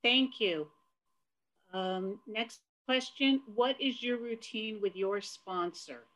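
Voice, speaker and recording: A woman's voice: a little high, takes it slowly, fairly bright tone. A woman moderating a meeting, politely and briefly thanking the speaker and reading out audience questions.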